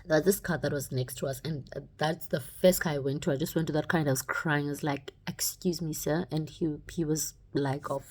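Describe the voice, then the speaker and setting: A young woman telling a personal story in a casual, animated way, acting out the dialogue. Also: low-pitched, a little fast, hardly any pauses, slightly rough. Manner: animated, acts out the dialogue, many "like"s.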